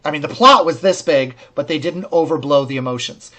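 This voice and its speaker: A man co-hosting a casual review chat, speaking in an articulate, wry, measured way. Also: a little high, sharp tone. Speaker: co-host reviewing a series.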